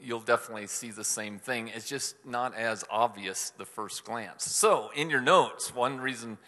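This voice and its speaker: A man preaching a sermon in a relaxed, chatty way, with restarts and asides to the congregation. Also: medium pitch, moderate pace. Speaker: pastor. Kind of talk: conversational sermon. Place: church hall with screens. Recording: long reverb of a large hall.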